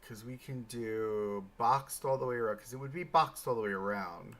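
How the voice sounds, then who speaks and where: Male livestream host, gravelly bright voice, unhurried chatty commentary while building. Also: medium pitch. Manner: thinks aloud, chatty, bursts of excitement. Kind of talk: casual live gameplay commentary.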